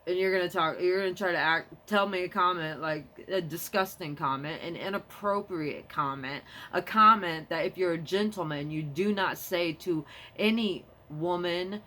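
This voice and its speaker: A young woman vlogs in a loose, wandering monologue, her voice sitting a little low. She drifts from topic to topic and gets heated and emphatic easily. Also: pushed and bright. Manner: rambling, tangential, quick to get heated. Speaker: vlogger. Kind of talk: rambling casual monologue to camera.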